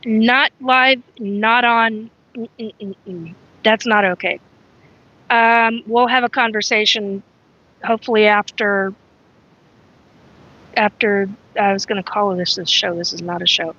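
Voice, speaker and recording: A woman's voice: mid-range voice, steady tone, slow pace, long pauses, pushed and bright, no room sound, highs cut off. A woman hosting a casual live stream, rambling frankly and greeting viewers by name as she talks. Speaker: livestream host.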